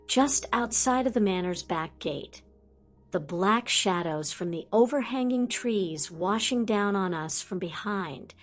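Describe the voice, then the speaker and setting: Woman narrating a romantic audiobook. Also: mid-range voice. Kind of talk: first-person audiobook narration.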